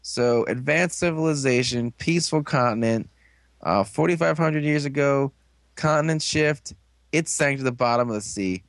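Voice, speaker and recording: A man's voice: mid-range voice, normal speed, no echo. A young man co-hosting a casual recap podcast, rambling and crude with a sarcastic edge. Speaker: podcast co-host.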